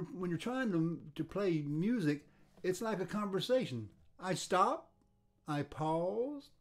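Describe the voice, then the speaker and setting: An older man giving a casual guitar lesson, talking in a relaxed, halting way and often repeating words as he restarts his sentences. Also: fairly high pitch. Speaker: guitar teacher. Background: faint guitar playing.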